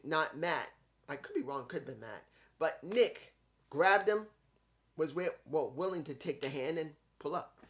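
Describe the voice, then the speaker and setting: A man in his fifties giving a casual, rambling review of a wrestling show, often correcting himself mid-sentence and admitting he could be wrong. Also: a little high.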